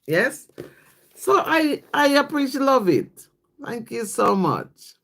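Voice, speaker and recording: Slow, lively-pitched livestream host. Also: creaky. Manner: slow, repeats "yes?" after each thought, thanks viewers by name; reads scripture and viewer comments aloud. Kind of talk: casual devotional livestream chat.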